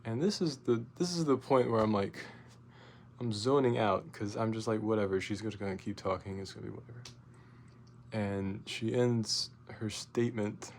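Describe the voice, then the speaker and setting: A young vlogger with a low-ish, gravelly voice rambles through a profane story, stumbling over fillers and restarts. He gets loud and animated when he retells his outburst.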